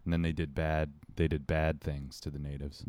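A man co-hosting a podcast in casual chat, rambling along with deadpan, crude jokes. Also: rumbling low, moderate pace, no room sound. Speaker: podcast co-host.

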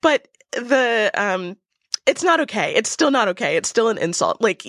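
A woman's voice: fairly high pitch, sing-song, normal speed, a bit bright, no echo, studio quality. A woman in casual theological discussion, talking in an earnest, reflective way.

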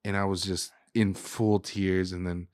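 Low-voiced man telling an emotional story. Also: flat delivery, unhurried, darkish tone, smooth, no echo, clean studio sound. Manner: emotional, heartfelt, says "dude" and "like" a lot. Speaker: podcast guest, chef. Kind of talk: casual podcast storytelling.

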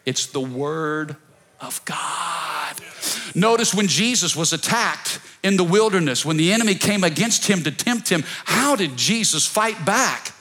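A man pastor preaching a sermon to his church, calling on the congregation to repeat after him and swinging between soft pleading and loud shouts. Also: high-pitched, animated, moderate pace, few pauses. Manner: preaching with call-and-response, rising to shouts. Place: church service.

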